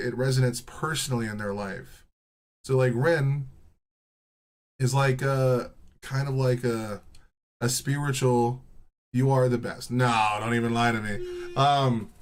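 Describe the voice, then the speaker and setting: A young man talks casually through a reaction stream, loose, profane and prone to laughter. His mid-pitched voice is ordinary and unforced. He peppers his sentences with "bro" and "like.". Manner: profane, joking, laughs often, lots of "bro" and "like". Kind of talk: casual rambling reaction commentary.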